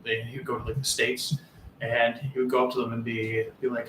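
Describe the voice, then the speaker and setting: A mid-pitched man co-hosts a casual podcast, rambling with fillers and false starts. The room sounds echoey, with a faint layer of background noise. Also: little pitch movement, a little fast. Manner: rambling, hesitant, lots of fillers. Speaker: podcast co-host. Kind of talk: casual chat.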